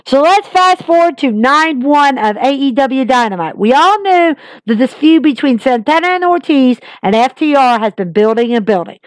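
Woman, podcast host, casual wrestling recap, emphatic and repetitive, fairly high voice, dry close sound. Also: expressive, moderate pace, few pauses, no echo. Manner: emphatic, repetitive, fan-like exasperation.

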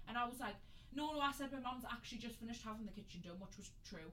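A woman's voice: a little high, quick pace, a little hiss or hum, poor audio. A woman co-hosting a podcast, chatting casually and telling a story while acting out the quotes. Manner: chatty, animated, acts out quotes. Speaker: podcast co-host.

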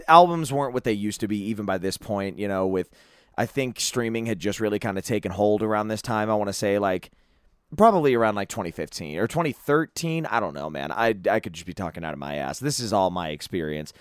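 Man, podcast host, casual album review, rambling, swears a lot, smooth voice, dry sound. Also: on the low side, no echo. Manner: rambling, casual, swears freely, lots of fillers.

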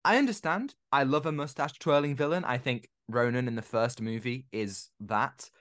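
A man's voice: mid-range voice, moderate pace, a bit bright. A man co-hosting a film podcast in casual discussion, talkative and often repeating words as he starts a sentence.

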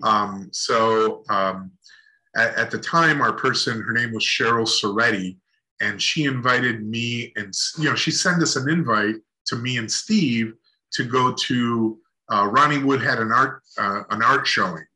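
A man's voice: mid-range voice, a little slow, sharp tone, poor audio. A middle-aged man as a guest on a talk show, telling a long anecdote in a rambling way with restarts and laughs. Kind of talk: casual storytelling chat.

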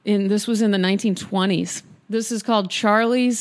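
A woman hosting a casual podcast, reading poems aloud in a husky, worn voice with playful, unhurried asides between them. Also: medium pitch, steady tone. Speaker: podcast host reading poetry.

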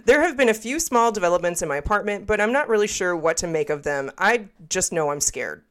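A woman's voice: mid-range voice, animated, brisk. A woman podcast co-host in casual chat, reading a scary story aloud with laughs and asides.

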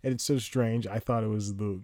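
In a dry, studio-quality recording, a man with a fairly low, darkish voice speaks at normal speed with a steady tone. He hosts a podcast, chatting loosely about a movie he watched while rambling, cutting himself off and chuckling.

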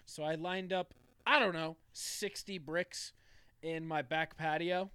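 A man's voice: a little high, steady tone, slow pace, sharp tone, smooth, no room sound. A man co-hosting a podcast, telling casual stories and swearing casually. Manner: chatty storyteller, swears casually. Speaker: podcast co-host. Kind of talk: casual chat.

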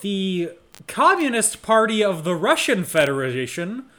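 Lively, high-pitched male co-host. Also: unhurried. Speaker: podcast co-host. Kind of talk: casual chat, reading out film facts.

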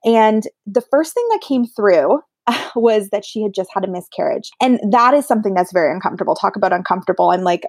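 A woman's voice: mid-range voice, fairly quick, hardly any pauses, no echo, clean studio sound. A woman who works as a medium, telling stories in a casual interview and acting out the voices she quotes. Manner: animated, acts out quoted voices. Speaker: medium, guest.

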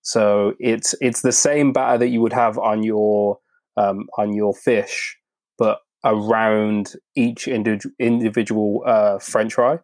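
A man's voice: on the low side, little pitch movement, measured pace, darkish tone, no echo. Man with a Birmingham accent. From Birmingham, England. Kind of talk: casual chat.

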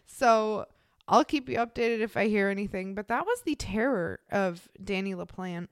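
A woman co-hosting a true crime podcast, telling the case in a casual, animated way, laughing often and swearing freely. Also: mid-range voice, normal speed, clean tone, no room sound, clean studio sound. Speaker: podcast co-host.

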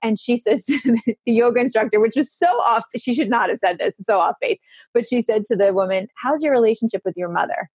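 A woman's voice: fairly high pitch, fairly quick, darkish tone, breathy edge, no room sound, studio quality. Chatty, self-deprecating woman host in her fifties. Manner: chatty and self-deprecating, with frequent laughter and restarts. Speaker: podcast host. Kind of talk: casual conversational interview.

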